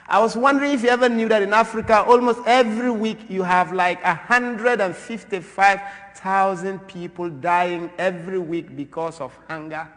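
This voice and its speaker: Impassioned Ghanaian man in a church. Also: high-pitched. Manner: animated, swings from loud to soft. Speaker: speaker at a church. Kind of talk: impassioned talk. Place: large church. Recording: long reverb of a large church.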